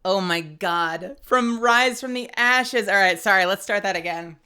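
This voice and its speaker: A young woman streaming a game, chatting casually, with excitable, swearing reactions. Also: medium pitch, a little slow, smooth.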